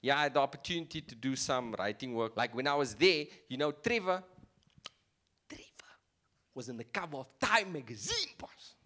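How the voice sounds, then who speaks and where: A man with a South African accent performing a stand-up set, animated and playful with mocking asides. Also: mid-range voice, normal speed. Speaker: stand-up comedian.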